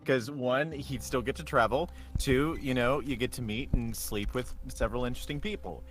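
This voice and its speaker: A man's voice: mid-range voice, normal speed. A man joking casually about his tabletop character. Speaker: tabletop game player.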